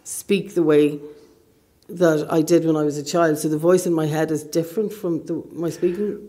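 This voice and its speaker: A woman's voice: low-pitched, fairly even intonation, moderate pace, dark tone. A middle-aged woman from Northern Ireland with a southern Irish accent, an author talking through a book-event interview with many ums and a self-deprecating manner.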